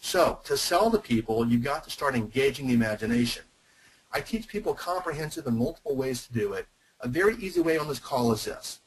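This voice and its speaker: A man's voice: mid-range voice, expressive, brisk, a little hiss or hum, poor audio. A man presenting a sales webinar, speaking emphatically and addressing his listeners directly. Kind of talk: teaching webinar call.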